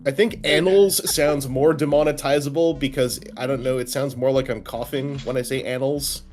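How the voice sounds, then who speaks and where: A man's voice: medium pitch, steady tone, moderate pace, a little mellow, faint music behind. A man with a Michigan accent, chatting casually over a voice call, wry and playful with words.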